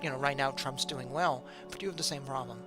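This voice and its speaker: A man's voice: mid-range voice, steady tone, fairly quick. Chatty middle-aged man with music behind. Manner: conversational, rhetorical questions, chuckles. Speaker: political commentary host. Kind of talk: casual direct-to-camera monologue.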